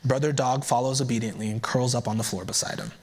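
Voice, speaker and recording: A man giving a keynote by telling a folktale aloud in a relaxed storytelling manner, adding conversational asides as he goes. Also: mid-range voice, fast talker. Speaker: keynote speaker. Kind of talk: oral storytelling.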